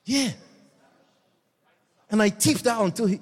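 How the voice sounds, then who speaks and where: A middle-aged man from Ghana with a Ghanaian accent, a bishop preaching a sermon built on a personal story, animated, laughing often and breaking into shouts. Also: high voice, normal speed, breathy edge. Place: church hall. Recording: church hall reverb, faint music.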